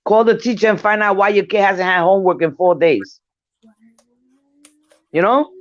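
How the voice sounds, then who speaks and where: A middle-aged woman guest on a remote call who talks in an emphatic, rallying way, slowing down for key words. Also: medium pitch, dull audio. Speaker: guest, community leader. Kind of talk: casual discussion on a call.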